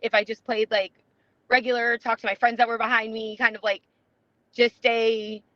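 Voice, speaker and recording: A woman's voice: a little high, level tone, moderate pace, dry recording, highs cut off. A woman guest on a podcast, talking casually in a rambling way with many fillers and restarts. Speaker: podcast guest, competitive player. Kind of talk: casual interview chat.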